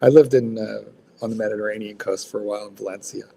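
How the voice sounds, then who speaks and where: A man's voice: lowish voice, steady tone, fast talker, vocal fry, dark tone. Male host, casual rambler, swears a lot, slight background noise. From United States. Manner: rambling and blunt, swears freely, many fillers. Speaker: livestream host. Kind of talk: casual chat.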